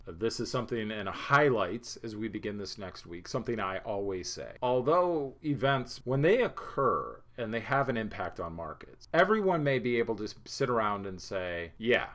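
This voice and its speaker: A man's voice: on the low side, a bit bright. Breathless man giving market commentary. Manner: chatty, self-deprecating, rambling with restarts. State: out of breath after a workout. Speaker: senior partner presenting a weekly market note. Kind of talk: casual unscripted market commentary.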